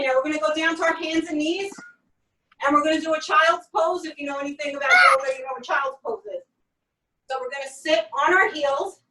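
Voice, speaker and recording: A woman's voice: high voice, bright, forceful tone. A woman fitness coach leading a workout, counting reps and giving upbeat step-by-step cues, recorded in an echoey room with the mic at a distance. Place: home workout space.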